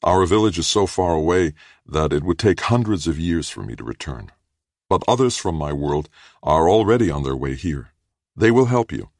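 A man with a very deep, gravelly voice voicing a kind young explorer who speaks gently and reassuringly. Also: expressive, moderate pace, no echo, clean studio sound.

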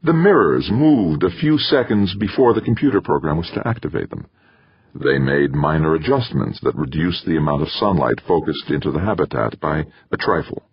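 A man reads a novel aloud in an extremely deep voice with lively intonation. His voice is gravelly and husky, and the recording is dull and lo-fi. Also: normal speed, no room sound. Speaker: audiobook narrator. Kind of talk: scripted narration. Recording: dull lo-fi dry.

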